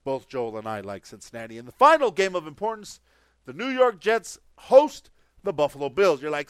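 A man with a fairly high, smooth and clear voice, chatting casually through his football predictions. He rambles and restarts his sentences often, with plenty of filler words. The sound is dry and close to the mic. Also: big pitch swings, normal speed, dry recording. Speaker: podcast host making football picks. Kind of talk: casual sports picks commentary.

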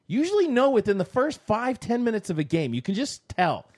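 A man co-hosting a casual sports talk show, telling stories in an animated way and acting out what people said. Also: high voice, brisk, no room sound, clean studio sound. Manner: animated storytelling, acting out quotes.

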